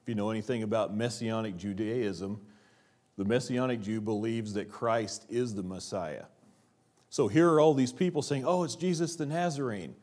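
A man preaching a church sermon, asking rhetorical questions and dropping his voice low for quiet emphasis. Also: moderate pace. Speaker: pastor. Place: church sanctuary.

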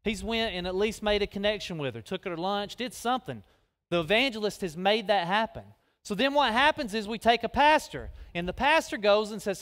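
A man preaching a sermon in a folksy, animated way, directing people onstage. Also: sits high, fairly quick. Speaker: guest preacher. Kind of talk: sermon with live skit. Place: large church hall. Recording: long reverb of a big hall.

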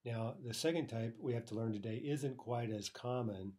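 A man's voice: medium pitch, normal speed, mellow, husky. A man teaching a recorded online language lesson, explaining step by step and often checking in with "right?".

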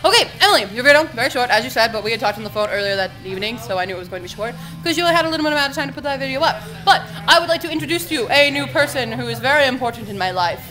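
A woman hosting a casual video diary, talking in an excitable, rambling way with quick restarts. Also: sits high, music in the background, rough recording. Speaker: vlog host.

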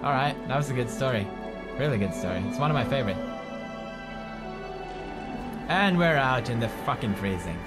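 A man in his twenties giving playful, excitable let's-play commentary and chatting to his game companion. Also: mid-range voice, quick pace. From Sweden. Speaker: gaming host. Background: game music.

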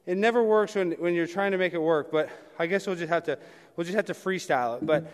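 A man doing a comedic speech and a shouted freestyle rap at a podium microphone in a large council chamber, rambling at first, then chanting rhymes. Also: high voice, fast, in a large hall. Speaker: public commenter at a city council meeting.

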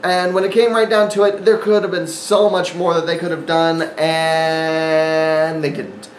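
A man talks through a casual review monologue in a sarcastic, rambling way, full of ums and uhs. His voice sits a touch high for a man. The recording is roomy, with faint ambient noise underneath. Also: flat delivery, a little slow. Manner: sarcastic, rambling, frequent fillers. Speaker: wrestling event reviewer, channel host.

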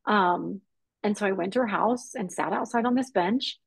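A woman tells her personal story in an earnest, animated way, often slipping into the voices of the people she quotes. Her voice is husky and a little breathy. The sound is dry and close, with no room around it. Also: medium pitch, normal speed, no room sound, rough recording. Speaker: podcast guest. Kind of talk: personal testimony in conversation.

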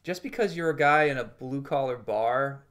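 A man co-hosting a casual podcast, animated and quick to laugh. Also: medium pitch. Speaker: podcast co-host.

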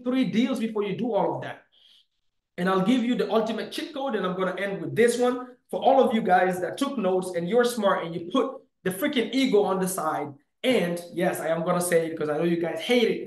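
High-voiced, punchy male coach. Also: reverberant, low-quality recording. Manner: punchy and emphatic, frequent "bam" and "boom". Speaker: real estate coach. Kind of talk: motivational teaching to camera.

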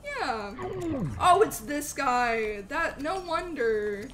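A young woman streaming a game live, chatting with viewers in a bubbly, animated way and eagerly thanking them. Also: high-pitched, drawn-out words, slight background noise. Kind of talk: live gameplay stream chat.

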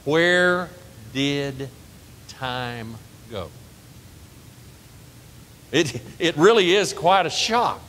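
A man preaching a sermon as pastor, lively and conversational, asking the congregation questions and laughing along with them. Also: very slow, long pauses. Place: church sanctuary. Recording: reverberant church hall with faint rumble.

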